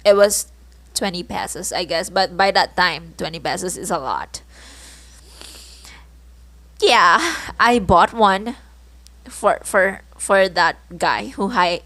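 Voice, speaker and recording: Young Filipino woman, slow close podcast talk. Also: fairly low pitch, dry recording. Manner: animated, self-mocking, laughs and groans at her own stories. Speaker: podcast host. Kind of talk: casual solo podcast storytelling.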